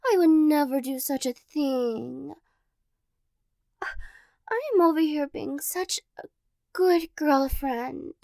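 A woman's voice: high-pitched, creaky, darkish tone, no echo, exaggerated voice. A young woman voicing a playful, clingy girlfriend in a role-play audio, teasing and playfully dramatic, close to the mic.

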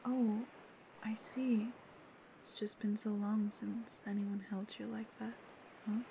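A woman voicing a playful, caring young female friend in an audio role-play, teasing and soft-spoken. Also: medium pitch, flat delivery, slow, vocal fry, slight background noise. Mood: tender. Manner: teasing, then soft and soothing.

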